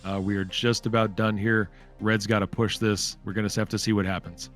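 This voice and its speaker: A man's voice: lowish voice, flat delivery, a little fast, fairly bright tone, faint music behind. A man commentating a live-streamed space ship race, chatty and thanking viewers by name.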